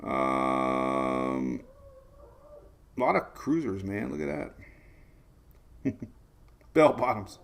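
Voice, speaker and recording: A man's voice: sits low, steady tone, drawn-out words, gravelly, long pauses. A man in his forties hosting a casual live weather stream, chatty and rambling, laughing often and greeting viewers by name. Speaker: weather show host.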